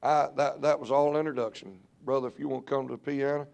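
A middle-aged man preaching a revival sermon in church, swinging between low murmurs and shouted peaks. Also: steady tone, fast talker, creaky. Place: church sanctuary.

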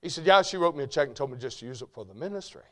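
An older preacher with a drawl, his voice sitting a bit high for a man. He tells homespun stories in a folksy way, going soft and low, then climbing to fervent shouts. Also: lively intonation, racing. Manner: folksy, swings from quiet storytelling to loud shouting. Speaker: preacher and ministry president. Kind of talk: storytelling sermon.

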